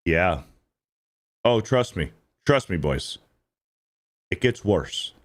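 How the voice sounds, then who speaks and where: A man's voice: low voice, animated, slow. Profane ranting male show host. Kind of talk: ranting reaction commentary.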